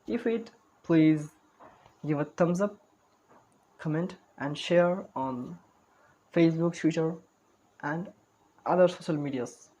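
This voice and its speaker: A man's voice: on the high side, slow pace, pauses often, mellow, rough recording. A man giving an online spoken English lesson, talking carefully, repeating words and correcting himself as he goes.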